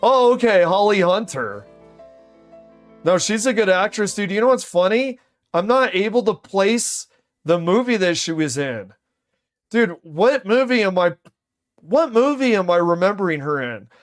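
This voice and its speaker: A male streamer reacting to a video in casual chat. He is slangy, keeps saying "dude" and thinks out loud. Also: high voice, lively intonation, unhurried, soft background music.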